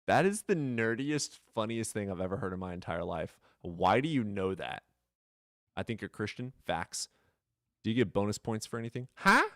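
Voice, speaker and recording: A man's voice: lowish voice, normal speed, fairly bright tone, dry recording, clean studio sound. A man hosting a casual livestream chat, teasing and swearing freely and laughing often. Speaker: livestream host.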